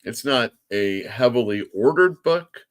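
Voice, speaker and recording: A man's voice: medium pitch, lively intonation, unhurried. A man hosting a livestream show as a comic shop owner, chatty and self-mocking. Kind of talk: casual livestream talk.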